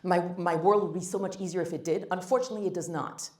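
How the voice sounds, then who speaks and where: A woman's voice: lowish voice, fairly even intonation, fast, a little mellow. A woman giving a blunt, emphatic workshop talk on first impressions, with joking asides to the audience. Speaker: guest speaker on first impressions. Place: meeting room. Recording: roomy room echo.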